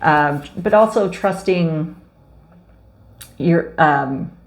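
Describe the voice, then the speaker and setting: A woman with a low, gravelly voice talks through an oracle card reading in a casual way. She gushes over each card and fills her talk with ums and restarts. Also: drawn-out words. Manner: effusive, gushing, frequent fillers. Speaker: spiritual card reader.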